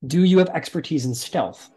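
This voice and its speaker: A man's voice: fairly high pitch, normal speed, mellow, breathy edge. A man narrating as game master of a tabletop game in a casual, explanatory, rambling way.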